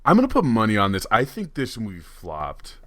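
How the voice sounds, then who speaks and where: A man co-hosting a podcast, excitable and laughing as he tells stories in casual banter. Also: lowish voice, a little fast, no echo, studio quality. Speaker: podcast co-host.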